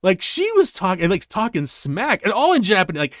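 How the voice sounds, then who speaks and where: A male streamer telling stories in casual chat while playing a game, rambling and animated, laughing often. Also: high voice, a little fast, no room sound, clean studio sound.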